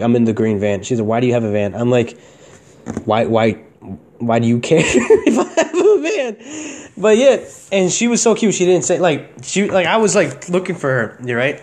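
A young man hosting his own podcast, telling a personal story in a casual, rambling way, full of slang and swearing. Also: a little high. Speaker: podcast host.

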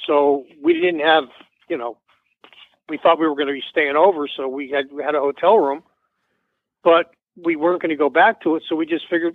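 A man's voice: fairly high pitch, expressive, moderate pace, creaky, no echo. Man rambling over a tinny phone line. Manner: rambling, acts out quoted dialogue. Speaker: musician guest. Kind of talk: casual anecdote in an interview.

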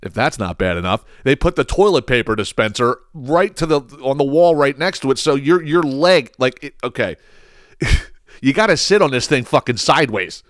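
A man tells a story in a loose, comedic podcast rant. He swears freely and stumbles over repeated words. His voice is mid-pitched and sits close and dry on the mic. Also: moderate pace, no echo. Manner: animated, profane ranting with frequent restarts. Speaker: podcast host.

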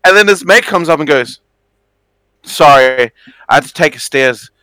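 Man, casual storyteller, high bright voice, very lively pitch, dry sound. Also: moderate pace, clean tone, dry recording, rough recording. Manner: animated, acts out the characters in his stories.

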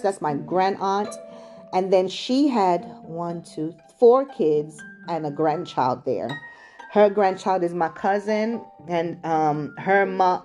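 A middle-aged British woman tells a loose, chatty story about her childhood, wandering off on side tracks. Her voice sits low and sounds warm and dark. Faint music plays softly behind her. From England, also raised in Chicago. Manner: chatty, digressive, many "like" and "you know". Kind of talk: casual storytelling monologue.

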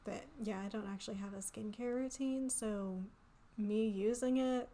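Chatty young woman with gravelly fry. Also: mid-range voice, steady tone, moderate pace, mellow, a little hiss or hum. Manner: chatty, lots of "like" fillers. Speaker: podcast co-host. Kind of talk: casual chat.

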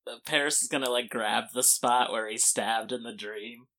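A man's voice: mid-range voice, steady tone, moderate pace, sharp tone. A man playing a tabletop game, talking casually and often saying "like". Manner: casual, with frequent "like". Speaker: player.

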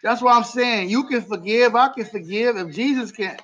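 High-voiced impassioned preacher man. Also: normal speed, fairly bright tone, muffled recording. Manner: impassioned, repetitive preaching in vernacular English. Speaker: livestream preacher. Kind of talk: sermon.

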